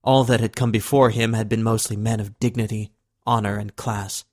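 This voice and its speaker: Male audiobook narrator, lower pitch, steady scripted read. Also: normal speed, dry recording, clean studio sound. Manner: steady, even storytelling.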